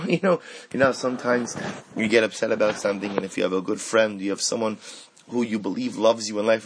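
Man teaching Torah in a husky voice. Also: mid-range voice, quick pace, low-quality recording. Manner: animated, rhetorical questions, Hebrew quotes woven in. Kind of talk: Torah class on the weekly portion.

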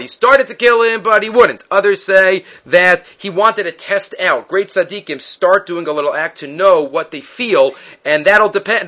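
A man's voice: sits high, bright, forceful tone. A man teaching a Bible class, retelling the story with animation and acting out the quoted speakers. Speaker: Torah teacher. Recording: dull lo-fi recording.

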